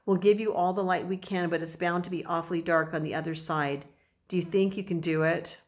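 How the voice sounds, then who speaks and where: A woman reading the part of an anxious, earnest young boy who speaks quietly and pleadingly in a storybook. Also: fairly low pitch, steady tone, fairly quick, natural voice. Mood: quietly urging.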